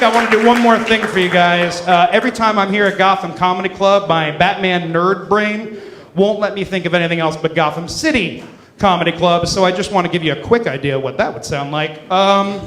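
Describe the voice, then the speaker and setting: A man in his late twenties works a comedy club stage with a deadpan, offhand delivery. His voice sits fairly high for a man, and the room around him rings with a roomy club echo. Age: 20s. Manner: deadpan with sudden character impressions. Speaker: stand-up comedian. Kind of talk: stand-up set.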